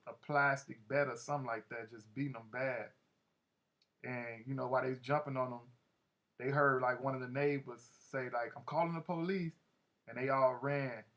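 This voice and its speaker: A man's voice: medium pitch, a bit bright. A man narrating a first-person audiobook in a loose, slangy, conversational way. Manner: loose, slangy, many "like" fillers.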